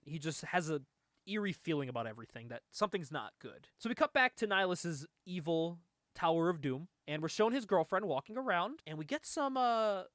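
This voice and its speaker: A man's voice: a little high, fairly bright tone, dry recording, clean studio sound. A man hosting a podcast, recapping a comic book in a loose, chatty way, laughing often and swearing freely. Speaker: podcast host.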